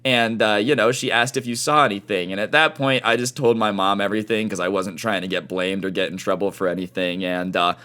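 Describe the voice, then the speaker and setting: Slangy animated man telling a story. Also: a little fast, few pauses. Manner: slangy, lots of dude and like; animated, swings up in pitch. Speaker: storytime YouTuber. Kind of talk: casual storytelling.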